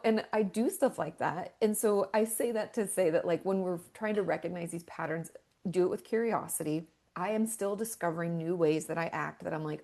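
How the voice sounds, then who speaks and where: A woman therapist talks on an interview show with a slightly low pitch and plenty of gravelly fry in her voice. She is candid and self-deprecating, tossing in quick asides as she explains. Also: dark tone. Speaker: therapist and author guest. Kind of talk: casual conversational interview.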